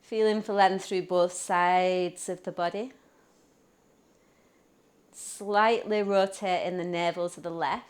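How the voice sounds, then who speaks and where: A woman teaching a yoga class, cueing poses and breaths in a calm, upbeat way. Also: lowish voice, slow, long pauses, clear, resonant tone. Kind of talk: guided yoga class instruction.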